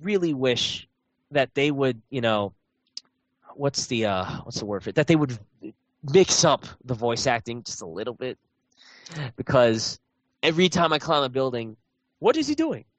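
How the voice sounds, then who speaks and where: A man's voice: mid-range voice, lively intonation, moderate pace, long pauses, no room sound. Rambling man telling a gaming story. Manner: rambling storyteller, many fillers and restarts. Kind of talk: casual chat.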